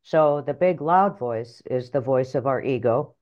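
A middle-aged woman author and life coach telling her story in an interview, animated and blunt, acting out voices in her head. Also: very deep voice, unhurried, highs cut off. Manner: animated, acts out inner voices, earthy phrasing.

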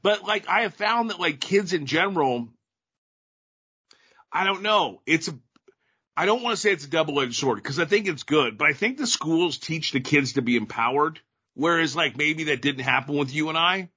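A man's voice: on the high side, expressive, moderate pace, sharp tone, breathy edge, highs cut off. A middle-aged man co-hosting a podcast, chatting casually and rambling with lots of fillers. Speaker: podcast co-host. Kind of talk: casual chat.

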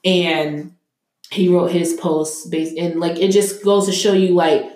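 A woman's voice: on the low side, steady tone, measured pace, darkish tone. A young adult woman co-hosting a casual podcast, talking emphatically and heatedly with many fillers. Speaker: podcast co-host. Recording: echoey room.

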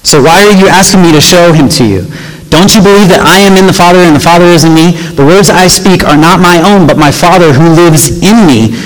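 A preacher reading as an earnest, exasperated Jesus. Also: male voice, high-pitched, fairly quick, voice pushed up, close to an everyday voice. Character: Jesus, a patient but exasperated teacher, man. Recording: long hall reverb.

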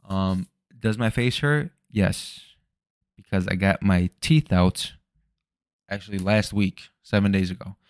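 Laid-back young man with a deep voice. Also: fairly even intonation, a little slow, no echo, studio quality. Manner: loose, rambling, swears often. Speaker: podcast host. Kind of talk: casual solo podcast chat. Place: home room at night.

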